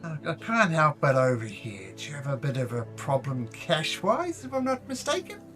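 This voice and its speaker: A man voicing a gruff, overly friendly male bugbear moneylender in a tabletop game. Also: on the high side, sing-song, normal speed, fairly bright tone, soft background music, voice pushed up. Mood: wheedling. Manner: wheedling, overly friendly sales talk.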